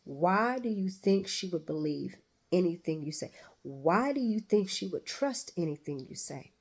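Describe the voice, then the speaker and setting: A woman's voice: fairly low pitch, animated, measured pace. A woman giving a blunt, casual recap of a soap opera, talking back at the characters and swearing freely.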